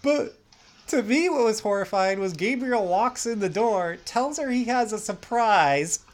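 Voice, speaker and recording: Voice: medium pitch, expressive, measured pace. A podcast co-host chatting casually about an old film, laughing often and making sarcastic asides. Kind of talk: casual film review chat.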